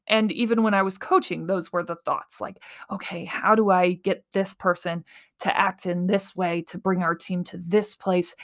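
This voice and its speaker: A woman's voice: fairly low pitch, fairly bright tone. A woman in her thirties hosting a reflective solo podcast, talking earnestly and animatedly and laughing easily. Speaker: podcast host.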